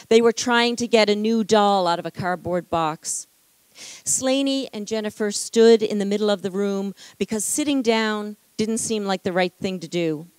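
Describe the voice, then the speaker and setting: A woman author reading aloud from her novel at a library event, in a measured, expressive reading voice. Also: mid-range voice, no echo. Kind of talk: literary reading.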